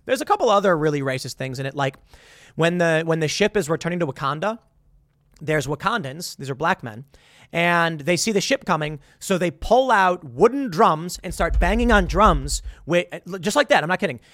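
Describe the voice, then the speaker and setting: A man delivers an incredulous, sarcastic movie rant in a high, lively voice that swings up and down. He stumbles and restarts as he goes. The sound is dry and close, with no room around it. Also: normal speed, no room sound. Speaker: commentator. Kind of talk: opinionated movie commentary.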